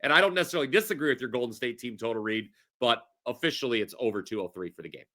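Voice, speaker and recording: A man's voice: mid-range voice, animated, racing, pushed and bright. A man hosting a sports betting show, talking picks in an upbeat, jokey way. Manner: upbeat, jokey, laughs easily. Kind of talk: casual sports betting talk.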